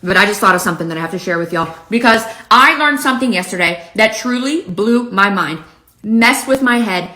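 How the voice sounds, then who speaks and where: A woman's voice: mid-range voice, expressive, brisk, pushed and bright, reverberant. A woman from Pittsburgh with a slight Southern touch to her accent, telling a comic story to camera in a casual, exasperated way. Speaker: lifestyle vlogger.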